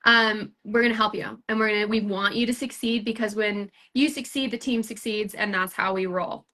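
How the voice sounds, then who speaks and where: Bright, upbeat woman hosting a sales chat. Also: mid-range voice, steady tone, moderate pace. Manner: upbeat and rambling, full of fillers and restarts. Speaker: sales team lead hosting a recruiting chat. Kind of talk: casual recruiting chat.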